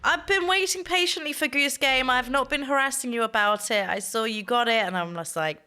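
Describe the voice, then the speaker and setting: A woman's voice: sits high, fairly quick, pushed and bright, clear, resonant tone. A woman, chatting casually with her stream viewers and telling stories. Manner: chatty storytelling, reading chat aloud. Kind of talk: casual chat.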